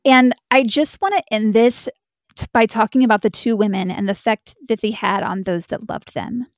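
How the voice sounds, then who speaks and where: A woman's voice: fairly high pitch, moderate pace, dry recording, clean studio sound. A young adult woman co-hosting a true crime podcast, talking casually and bluntly, swearing freely. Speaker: podcast co-host.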